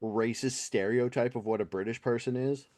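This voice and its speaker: A man's voice: medium pitch, steady tone, normal speed, a little mellow, no room sound. A man hosting a podcast, telling a story in a casual, profane, mocking way. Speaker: podcast host.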